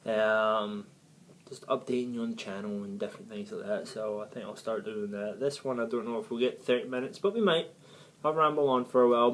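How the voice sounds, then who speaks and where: A man's voice: mid-range voice, slight background noise, poor audio. A man hosting his own football fan channel, rambling on casually with lots of self-corrections. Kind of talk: casual rambling video commentary.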